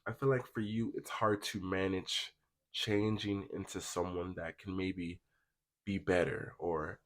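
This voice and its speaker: Slangy young man reading tarot cards. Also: low-pitched. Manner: chatty, slangy, addresses viewers as y'all. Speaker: tarot reader. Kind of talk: casual tarot pick-a-card reading.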